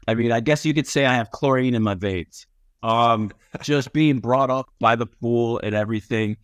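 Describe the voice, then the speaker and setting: A man from upstate New York, a podcast guest, telling stories in a relaxed way with lots of ums and likes. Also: mid-range voice, normal speed, no room sound, clean studio sound. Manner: laid-back, many ums and likes. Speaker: podcast guest, former Olympic swimmer. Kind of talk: casual storytelling chat.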